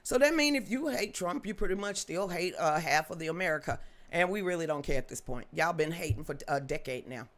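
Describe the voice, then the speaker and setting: A woman's voice: fairly low pitch, lively intonation, brisk. A middle-aged woman hosts a live-streamed commentary show. Her voice swings widely up and down as she gloats and mocks, and she slips into sing-song chants along the way. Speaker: host.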